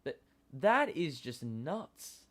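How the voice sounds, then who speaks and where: A man hosting a live basketball watchalong, talking casually with many fillers and sudden excited outbursts. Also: a little high, extremely slow. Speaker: host.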